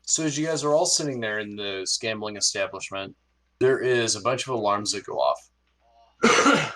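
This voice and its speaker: A man's voice: lowish voice, moderate pace, fairly bright tone. A man narrating a tabletop game as game master in a casual, descriptive way.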